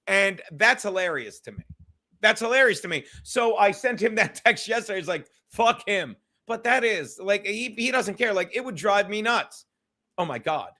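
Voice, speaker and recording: A man's voice: high-pitched, sharp tone. Rambling man chatting to his stream. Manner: rambling, talks straight to chat viewers. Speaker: podcast host reading live chat. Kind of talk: casual livestream chat.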